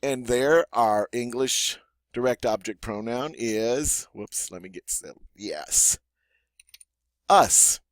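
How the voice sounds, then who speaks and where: Slow-talking Southern American man teaching. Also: mid-range voice, no room sound. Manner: encouraging, stretches out French words slowly. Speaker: French teacher. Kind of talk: classroom-style grammar lesson.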